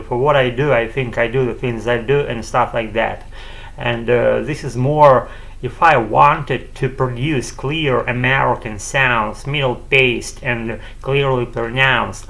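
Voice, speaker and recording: Halting man with a gravelly voice. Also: medium pitch, fairly bright tone. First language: Ukrainian. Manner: halting, full of fillers and restarts, casual swearing. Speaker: channel host practicing spoken English. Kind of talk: rambling solo monologue. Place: at home.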